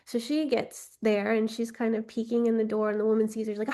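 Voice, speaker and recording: Woman telling a slow folk tale. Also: on the high side, level tone, mellow. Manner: unscripted retelling with fillers like "right?" and "like". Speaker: storyteller and workshop guide. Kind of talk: spoken storytelling for a guided healing journey.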